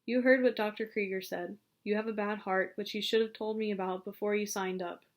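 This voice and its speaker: A woman voicing a steady male mountain guide who speaks firmly and plainly. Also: medium pitch, fairly quick, close to an everyday voice.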